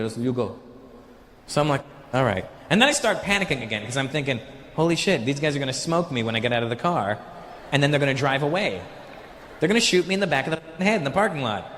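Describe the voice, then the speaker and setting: Stand-up comedian, man, from Canada, slightly higher voice, animated storyteller who slips into accented voices, roomy live-venue sound. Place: theater stage with an audience. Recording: echoey live venue with faint noise.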